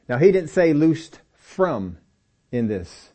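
Slow and very animated, a man with a higher, mellow voice teaches scripture in a sermon. He repeats phrases to drive points home and speaks right to his audience, at times using their names.

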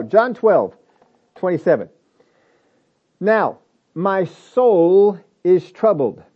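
A man's voice: fairly high pitch, highs cut off. A man preaching a sermon, emphatic and repetitive, asking rhetorical questions of his listeners.

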